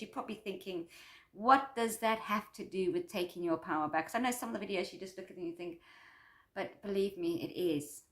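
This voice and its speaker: Upbeat woman vlogging in an echoey room. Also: medium pitch. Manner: rambling, repeats herself, upbeat and self-affirming. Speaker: vlogger and course creator. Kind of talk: emotional personal check-in vlog.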